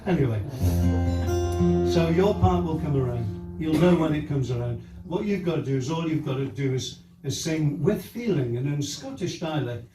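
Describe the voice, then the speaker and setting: A man's voice: on the high side, animated, moderate pace. Older man joking from a club stage. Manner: chatty, joking storyteller who chuckles often. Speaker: folk singer-songwriter. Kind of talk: live stage banter between songs. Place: live music club with an audience. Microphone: stage microphone with guitar. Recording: roomy live venue recording from a distance, with guitar.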